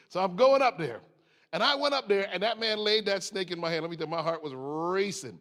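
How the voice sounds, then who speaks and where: Animated man telling a sermon story. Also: sits high, fairly quick. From United States. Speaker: speaker.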